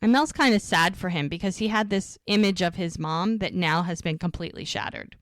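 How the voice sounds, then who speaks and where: Chatty low-voiced woman, dry sound. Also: fairly quick, dry recording. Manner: chatty, retelling scenes with lots of "like" and "she goes". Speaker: podcast co-host. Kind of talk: casual recap of a TV episode.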